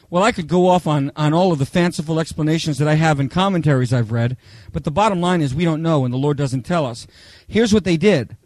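A man preaching a Bible study, telling humorous personal stories in a chatty, animated way, often checking in with "okay?". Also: high-pitched, no room sound. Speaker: pastor teaching a Bible study.

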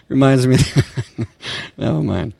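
A man preaching a sermon as pastor, telling stories and swinging from quiet, low passages to impassioned, near-shouted ones. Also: vocal fry, no echo.

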